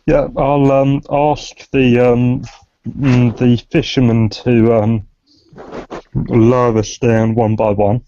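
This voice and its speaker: Slow, mellow-voiced cautious male player. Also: mid-range voice, level tone, a little hiss or hum. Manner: slow and cautious, hesitant fillers. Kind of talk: casual tabletop play. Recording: dull dry online call audio.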